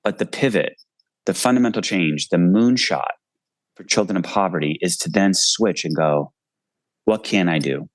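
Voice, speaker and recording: Speaking at a normal speed in a low voice, a man in his forties, an author and guest, gives an earnest, impassioned interview over video call from his home, coming out in bursts. The audio is dry and poor.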